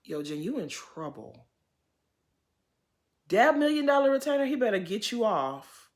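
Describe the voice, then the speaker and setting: A woman recaps a reality show with a lively voice that swoops widely in pitch. She is sympathetic and expressive and speaks directly to the people on screen. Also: unhurried. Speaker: TV recap host. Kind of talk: casual reality-TV recap commentary.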